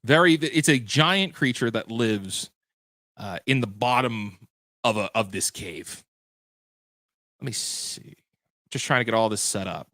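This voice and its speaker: A man's voice: medium pitch, expressive, measured pace, long pauses, pushed and bright, no echo. A man hosting a livestream post-show as game master, chatting loosely and correcting himself as he answers viewer questions.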